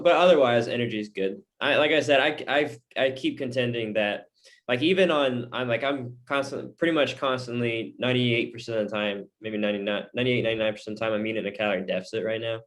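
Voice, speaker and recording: A young man co-hosting a casual podcast chat, rambling and restarting his sentences. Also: on the low side. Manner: rambling, restarts often, talks about his diet. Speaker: podcast co-host.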